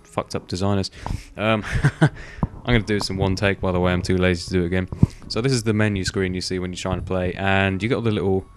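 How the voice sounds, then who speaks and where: A man's voice: low voice, fairly even intonation, fast, noisy background. A young man giving casual, rambling gameplay commentary, swearing offhandedly and filling gaps with "um" and "like". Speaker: gaming video host.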